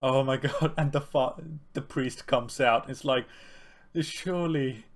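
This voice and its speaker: A man co-hosting a casual film podcast, animated and quick to laugh, often acting out lines from the film. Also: medium pitch. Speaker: podcast co-host. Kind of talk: casual film discussion chat.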